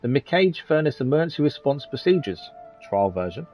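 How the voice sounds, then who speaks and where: A man's voice: mid-range voice, big pitch swings, normal speed, close to an everyday voice. A fussy, long-winded male scholar from a game, as a streamer reads him out, pompous and wordy, with a middling voice. The sound is a little dull, with faint game music underneath. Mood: earnest. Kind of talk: reading game dialogue aloud.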